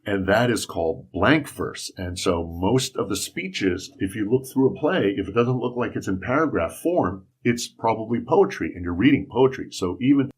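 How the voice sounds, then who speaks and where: A man's voice: lowish voice, lively intonation, normal speed, few pauses, husky. A man guest on a library podcast, patiently explaining poetry in a conversational interview. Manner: patient explaining, spells out rhythm. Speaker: Shakespeare instructor, guest. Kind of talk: casual interview talk.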